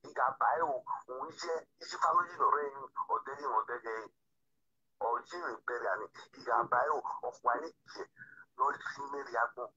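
A man's voice: mid-range voice, normal speed, sharp tone, a little hiss or hum. A man talking on a phone call, rambling and repeating himself. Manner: rambling, repeats words and restarts. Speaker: iPad owner on a phone call. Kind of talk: casual phone conversation. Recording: tinny phone line.

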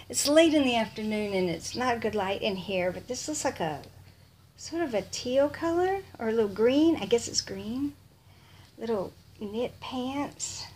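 A woman's voice: a little high, a little mellow, slight background noise. A woman with a Texan accent, gushing over baby clothes in a casual unboxing vlog, often dropping to a whisper. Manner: gushing, breathless with delight, slips into whispers. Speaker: vlogger.

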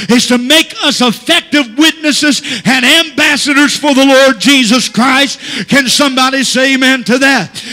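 A man's voice: very high voice, pushed and bright. A male pastor preaching a Pentecostal sermon, punctuating phrases with "uh" and calling out for amens. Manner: preaching with frequent "uh" fillers and calls for amen. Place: church sanctuary. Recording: long church hall reverb.

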